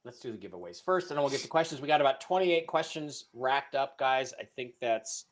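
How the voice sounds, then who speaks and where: A man's voice: medium pitch, lively intonation, brisk. A man hosting a live stream, chatting loosely, reading out giveaway winners and stumbling over names. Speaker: livestream host. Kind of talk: casual live-stream chat.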